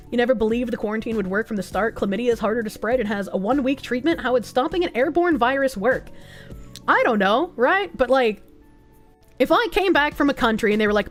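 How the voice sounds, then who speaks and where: Casual: high-pitched young woman streamer, yapping and cussing at chat, lil bit of music in the back. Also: brisk. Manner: animated, swears freely, reads chat aloud. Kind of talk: casual livestream chat reading donations. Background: faint music.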